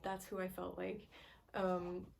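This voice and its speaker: Lowish-voiced young woman rambling a story. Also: monotone, takes it slowly, gravelly, a little mellow, slight background noise. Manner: rambling, full of "like" and "um", drops to a whisper. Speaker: vlogger. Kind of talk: casual storytime. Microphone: camera on her face.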